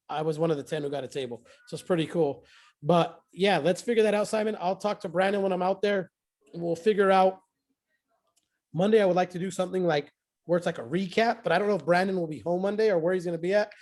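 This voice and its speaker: A man sharing a success story with his team in a casual motivational talk, excitable and repeating phrases for emphasis. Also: high-pitched.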